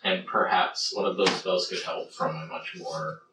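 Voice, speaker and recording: A man's voice: low-pitched, flat delivery, unhurried. A man running a tabletop game as game master, explaining in a casual, filler-heavy way. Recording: roomy, distant, noisy room.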